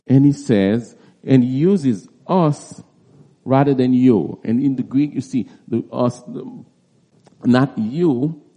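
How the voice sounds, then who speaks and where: A man preaching through a Bible passage in an expository teaching style, halting often and restarting his phrases. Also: mid-range voice, dark tone. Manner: halting, with frequent restarts and repeated words.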